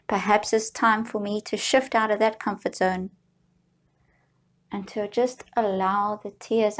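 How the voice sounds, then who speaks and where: Woman, middle-aged, healing coach, soothing guided talk, gentle encouragement. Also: medium pitch. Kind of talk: guided self-help talk.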